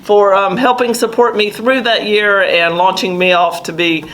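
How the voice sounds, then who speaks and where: A woman's voice: medium pitch, fairly even intonation, moderate pace, fairly bright tone, rough recording. A woman from the American South with a Southern accent, an older Air Force veteran telling stories in an oral history interview with a laughing, storytelling manner. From South Carolina, US. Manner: storytelling, laughs while recalling.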